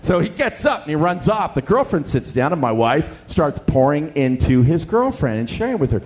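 A man's voice: a little high, normal speed. A middle-aged man from Canada, a pastor telling a funny story in a sermon and acting out the voices of the people in it. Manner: animated, jokey, acts out dialogue.

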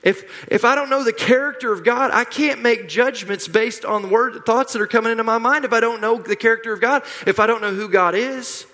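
A man's voice: extremely high pitch, fairly quick, hardly any pauses, pushed and bright. A middle-aged man preaching a sermon, emphatic and repetitive, leading the congregation in call-and-response. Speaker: pastor. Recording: long hall reverb.

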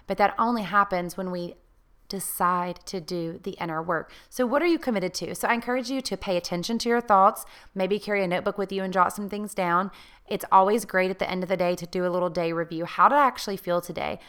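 A woman's voice: lowish voice, brisk, fairly bright tone, clean tone. A woman hosting a talk on healing after divorce, speaking in an earnest, coaxing way and asking many questions. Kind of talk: encouraging self-help talk.

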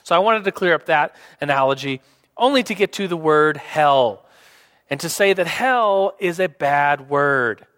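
High-voiced young man preaching in a hall. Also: expressive, a little slow, a bit bright. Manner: casual, rambling, many fillers and restarts. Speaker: pastor. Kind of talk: sermon. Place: church hall. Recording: reverberant hall.

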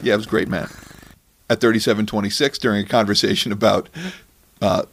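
A man's voice: on the low side, fairly even intonation, fairly quick, gravelly, slight background noise. A man hosting a comedic podcast, talking in a sarcastic, mocking way. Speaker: podcast host.

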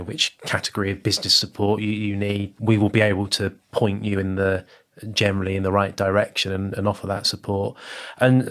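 A man working in comms and marketing, giving measured, informative answers in a podcast interview. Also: lowish voice, fairly bright tone.

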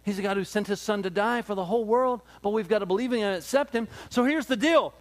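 A man with a high voice preaches from the pulpit. He drives his points home by repeating himself. He keeps turning to his listeners with questions. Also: fast talker. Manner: emphatic, repetitive preaching with rhetorical questions. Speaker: pastor. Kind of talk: sermon.

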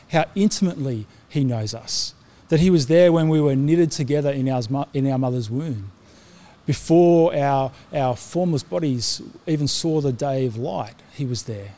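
Earnest man preaching, a touch high. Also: dark tone. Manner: earnest, frequent restarts and fillers. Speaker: pastor. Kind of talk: sermon.

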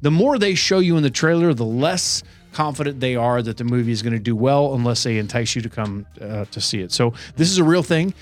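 A man co-hosts a podcast in a loose, rambling way, stopping to correct himself as he goes. His voice sits at an ordinary pitch, and faint music plays underneath. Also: a little fast. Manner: rambling, self-correcting, chatty. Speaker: podcast co-host. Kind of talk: casual podcast chat.

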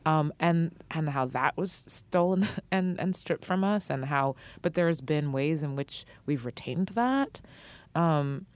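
A woman's voice: sits low, lively intonation, takes it slowly, darkish tone, no room sound. A woman co-hosting a podcast in casual chat, heated and swearing freely, with frequent laughs. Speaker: podcast co-host.

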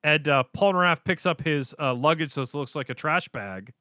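A man co-hosting a casual anime recap, animated and laughing often as he acts out silly lines. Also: fairly high pitch, moderate pace, dry recording, clean studio sound. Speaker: podcast co-host.

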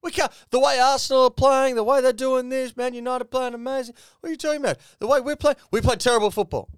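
Man doing a loud, high mock football manager. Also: steady tone, quick pace, smooth, dry recording, studio quality. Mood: mock despair. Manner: exaggerated, loud, high put-on voice. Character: boastful middle-aged male football manager, mock-humble.

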